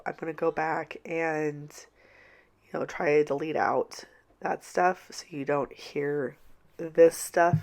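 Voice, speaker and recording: A middle-aged woman records a casual voiceover while sick, her voice stuffy and blocked from a cold, with a gravelly, creaky edge. She rambles and keeps apologizing as she talks into her mic at home. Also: low voice. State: congested, stuffy-nosed from a cold. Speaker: planner vlogger.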